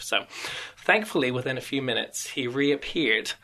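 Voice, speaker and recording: A man hosting a talk show, telling personal stories and explaining attachment styles in a relaxed, conversational way. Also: mid-range voice, moderate pace. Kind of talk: podcast monologue on emotions.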